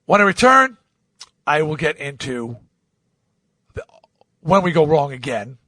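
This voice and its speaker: A man's voice: a little high, very animated, a little slow, sharp tone, dry recording. A man hosting a podcast, telling a long story in a blunt, profane way and acting out both sides of past conversations. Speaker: podcast host. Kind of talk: storytelling monologue.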